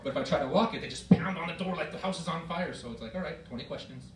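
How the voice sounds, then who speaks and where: A middle-aged man performing stand-up comedy, telling stories in an exasperated way with shouted outbursts. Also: fairly high pitch, racing. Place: performance hall with a live audience. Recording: roomy hall recording from far off, loud noise.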